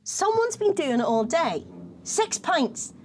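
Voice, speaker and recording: A woman's voice: very high voice, slow, a little hiss or hum. An Irish woman from County Kerry, co-hosting a casual chat and telling stories with laughing asides. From Ireland. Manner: animated storyteller, lots of laughing asides. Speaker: co-host.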